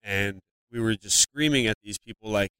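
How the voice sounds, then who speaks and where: A man's voice: on the low side, moderate pace, bright, forceful tone, clear, resonant tone, no echo. A comedian from Ohio, a man, telling a personal story in a casual podcast interview, rambling with many fillers and swearing now and then. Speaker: comedian guest.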